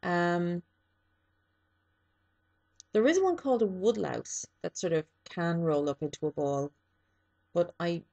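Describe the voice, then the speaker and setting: A woman's voice: lowish voice, creaky, darkish tone. A woman with an East Coast Irish accent from Dublin, chatting casually and reading a word list with dry humour and frequent ums. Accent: Irish, East Coast (Dublin area). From Ireland (Dublin). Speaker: vlogger.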